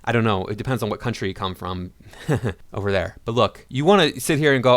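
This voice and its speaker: A man's voice: on the low side, fairly quick, few pauses, dry recording, studio quality. A man giving sarcastic, indignant reaction commentary on a video clip. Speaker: YouTube commentator.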